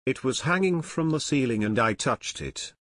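A man voicing a blunt, impulsive teenage boy who speaks flatly in an audiobook. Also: medium pitch, normal speed, no room sound, lightly acted. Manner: blunt, flat.

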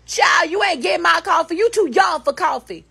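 A woman voicing a bossy, sassy old grandmother who scolds loudly in a comedy skit. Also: very high-pitched, lively intonation, normal speed, gravelly, pitched above the performer's own voice, heavily acted. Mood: scolding. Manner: scolding, loud, calls everyone child.

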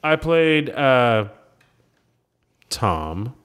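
Man, podcast co-host, casual storytelling, lively pitch, acts out quotes. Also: drawn-out words, clean tone. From Minnesota.

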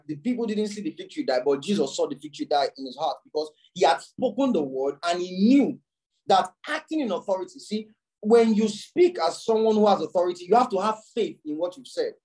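A man's voice: darkish tone, low-quality recording. Man preaching a teaching sermon. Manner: repeats words while explaining, with sudden jumps in pitch; reads scripture aloud in a slow, raised voice. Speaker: pastor.

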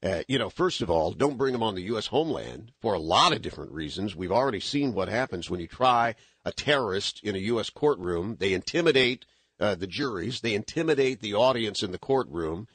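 A man hosting a talk radio show from the studio, giving rambling, animated political commentary with lots of restarts. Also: on the low side, brisk, slightly rough, dry recording.

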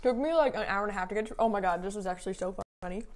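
A woman's voice: mid-range voice, rapid-fire. A young woman co-hosting a casual eating show, telling laid-back stories with some swearing. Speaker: co-host. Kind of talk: casual chat while eating.

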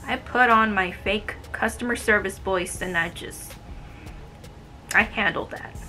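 A woman in her twenties from the US speaks a little slowly at medium pitch, her voice pushed and bright, with faint music in the background. In casual storytime style, she vents sarcastically about her retail work.

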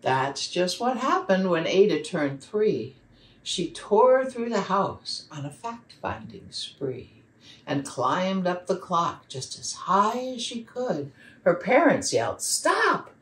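Woman reading verse and a picture book to children, slow and expressive, lower voice, roomy distant sound. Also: slight background noise. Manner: slow, expressive read-aloud delivery. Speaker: children's program facilitator.

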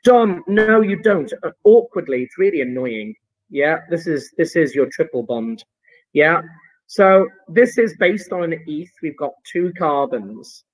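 Playful higher-voiced male chemistry teacher. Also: expressive, measured pace, poor audio. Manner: playful, jokey asides while explaining. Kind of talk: online homework review lesson.

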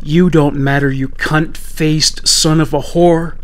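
A man's voice: a little high, steady tone, slow pace. A man voicing a violent, bitter teenage girl who snaps and hurls accusations in a true-crime story. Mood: hostile. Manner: snapping, accusing.

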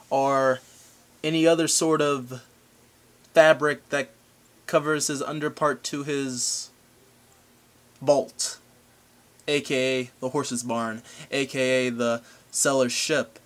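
A man's voice: fairly high pitch, a bit bright. A young man vlogging a comedic rant to camera, rambling and goofy, with random outbursts.

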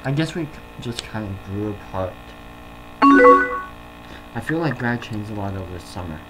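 A man voicing a sad, lonely young woman, reading her chat lines aloud in a soft, subdued tone. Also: on the low side, expressive, moderate pace, natural voice, poor audio. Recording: loud game music behind voice.

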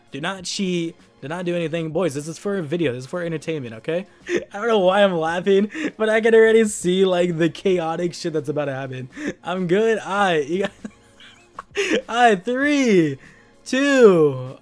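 A young man hosting a gaming video, talking in excited, slangy, casual commentary and laughing often. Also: high-pitched.

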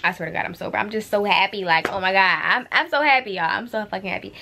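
A woman's voice: medium pitch, animated, quick pace, pushed and bright. A young woman talking casually to her camera on a tripod while she packs, playful, laughing and using slang. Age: young adult. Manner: chatty, playful, laughing often, uses slang. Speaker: vlogger. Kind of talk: casual vlog chat to camera. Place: bedroom while packing, indoors.

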